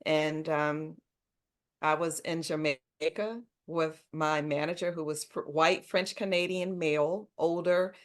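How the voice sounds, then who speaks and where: A middle-aged woman with a fairly low speaking voice shares her own experiences as a podcast guest. She is animated and emphatic and often laughs as she tells them. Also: takes it slowly. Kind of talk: conversational interview storytelling.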